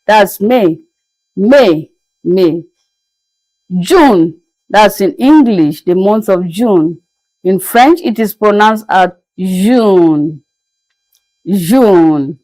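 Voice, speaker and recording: A woman leads a beginner French class at an unhurried pace, saying each word twice so learners can follow. Her voice is mid-pitched and recorded dry and close, with no room around it. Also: a little mellow, no room sound, poor audio. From Nigeria. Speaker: French teacher. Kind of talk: classroom language lesson.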